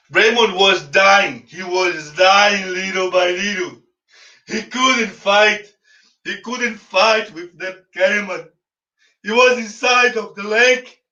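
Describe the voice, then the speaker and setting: A man's voice: high-pitched, pushed and bright. A man with a Brazilian Portuguese accent, a native Portuguese speaker, telling a dramatic story in English with emphatic repetition and direct address to his listeners. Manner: emphatic, repeats phrases, addresses listeners as friends. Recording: echoey, distant, dull lo-fi.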